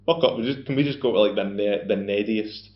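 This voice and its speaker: A young Scottish man co-hosting a podcast, rambling with halting restarts and jokes. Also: fairly low pitch. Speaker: podcast co-host. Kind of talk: casual chat. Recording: echoey room with a dull lo-fi sound.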